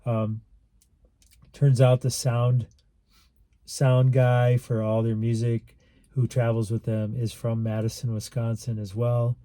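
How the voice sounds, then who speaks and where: A man's voice: medium pitch, flat delivery, slow, warm tone, dry recording. A man telling a personal story to camera in a casual, rambling, earnest way, acting out what others said. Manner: rambling, earnest, acts out quoted lines. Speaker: vlogger.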